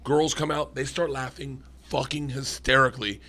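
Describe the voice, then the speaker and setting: A middle-aged comedian telling an animated, profane story as a podcast guest, acting out the people in it. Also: male voice, medium pitch, normal speed.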